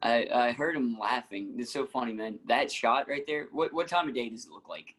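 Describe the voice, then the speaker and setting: A man's voice: medium pitch, normal speed, husky, low-quality recording. A man, an actor and musician, telling casual stories as a guest and acting out the people he quotes. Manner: animated anecdotes, acting out quotes, frequent laughs. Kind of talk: casual storytelling.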